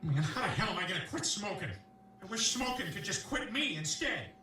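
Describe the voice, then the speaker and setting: A bumbling cartoon dad. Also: male voice, high-pitched, animated, brisk, recorded from a distance, slight background noise. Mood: whiny. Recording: echoey clip with loud music.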